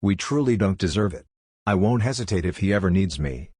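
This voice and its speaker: A man voicing an earnest, determined young woman cultivator, soft and solemn. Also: low voice, lively intonation, a little fast, slightly rough, no room sound, studio quality.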